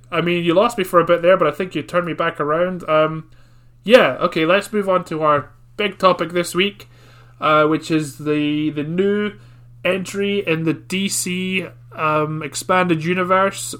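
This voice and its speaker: A man's voice: sits high, fairly even intonation, a little slow, a bit bright. A man co-hosting a casual podcast chat, joking, swearing and laughing often. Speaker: podcast co-host.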